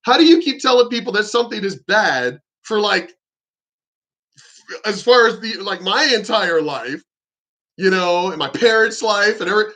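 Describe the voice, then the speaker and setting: A man holds forth in an indignant vlog rant, his voice pitched high and ringing with a sharp, bright edge. He hammers his points, swears freely, and keeps circling back and restarting his sentences. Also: lively intonation, moderate pace. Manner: emphatic, indignant, frequently swearing; repeats himself and restarts sentences. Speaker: vlogger. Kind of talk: ranting monologue to camera.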